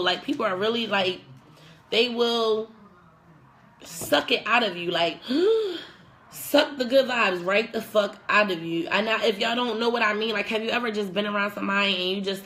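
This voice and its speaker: Young woman vlog host, blunt and profane, bright forward voice. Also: mid-range voice. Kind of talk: casual advice vlog.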